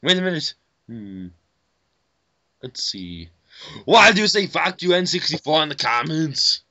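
A man's voice: on the high side, very animated, unhurried. Giggly young man on a lo-fi voice call. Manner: giggly, jokey, breaks into silly impressions and shouts. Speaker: channel host recording a voice chat. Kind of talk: casual chat. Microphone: computer headset mic on a voice call. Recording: dull lo-fi voice chat recording.

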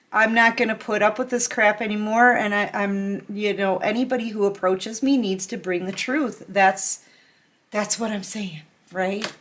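A woman reads tarot cards for her viewers in a loose, chatty way. She speaks slowly and with emphasis, circling back over the same points and addressing the listener directly. Her voice sits in an ordinary middle pitch. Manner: chatty, emphatic, repeats herself, talks straight to the viewer. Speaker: tarot reader. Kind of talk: casual tarot reading to camera.

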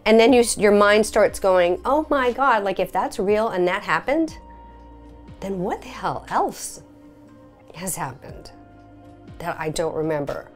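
A woman's voice: medium pitch, expressive, a little slow, faint music behind. A woman recounting a personal experience in a conversational, filler-heavy way, her voice leaping up when she relives quoted moments. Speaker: experiencer sharing her story. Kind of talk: personal testimony.

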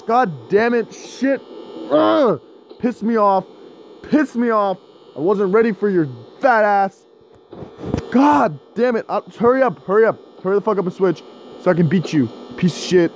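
Gamer guy, slightly high voice, profane and frustrated, casual commentary from home. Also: lively intonation, measured pace, slight background noise, low-quality recording. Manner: profane, frustrated, shouting at the game. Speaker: gaming video host.

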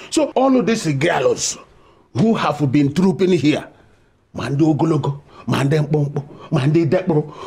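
An actor with a Nigerian accent playing a fussy, excitable village father who scolds and pleads comically. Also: high voice, full character voice. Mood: scolding. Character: fussy older male village elder, the father. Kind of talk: comedic film acting.

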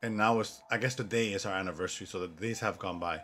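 A man's voice: lowish voice, quick pace, few pauses, bright, forceful tone, soft background music. A man giving joking commentary on a horror game, reacting aloud to scares and talking back to the story. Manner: jokey, talks back to the game, yelps at scares. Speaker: gaming commentator.

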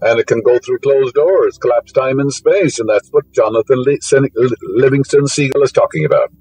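A man's voice: medium pitch, normal speed, a little mellow, soft background music, poor audio. A man giving a spiritual lecture, full of fillers, whose voice rises sharply on key words. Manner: rambling, fillers, rising emphasis on key words.

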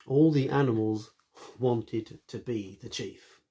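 A man reading a children's storybook aloud, stopping for friendly asides to his young listeners. He speaks slowly, and his voice is gravelly and a little husky, with a lively, swooping pitch.

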